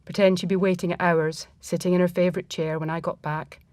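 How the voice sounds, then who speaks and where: A woman reading a first-person story aloud in a reflective, measured manner. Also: fairly low pitch, level tone, a little mellow, dry recording.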